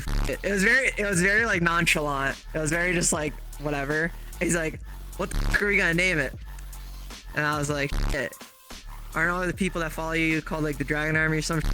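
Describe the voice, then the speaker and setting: A man's voice: on the high side, pushed and bright. A man hosting a casual chat over a game, laid-back and swearing freely, talking through a headset mic. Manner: laid-back, swears a lot, laughs often. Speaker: host. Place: virtual reality game session.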